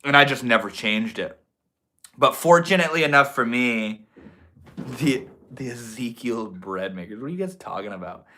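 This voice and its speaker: A man's voice: medium pitch, expressive, normal speed, bright, forceful tone. A young man hosting a livestream, chatting casually with viewers in a laid-back, slangy way. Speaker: livestream host.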